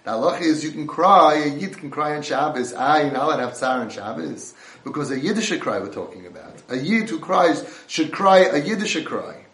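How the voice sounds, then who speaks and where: Man, Torah lecture, impassioned, slightly high pitch, roomy echo. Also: expressive, fairly quick, a bit bright. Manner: impassioned, mixes Hebrew and Yiddish terms.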